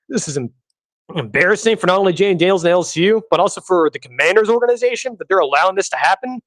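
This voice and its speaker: A man's voice: high-pitched, dry recording. A man hosting a solo sports podcast, ranting angrily and with profanity, often repeating himself. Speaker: podcast host. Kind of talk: heated solo podcast rant.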